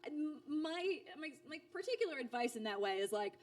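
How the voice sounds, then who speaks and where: A fairly quick-speaking woman in her thirties sits far from the mic as a guest on a casual interview, telling stories drawn from her voice acting. She's lively and talkative, restarting sentences and using fillers, and performs quoted lines with big shifts in pitch.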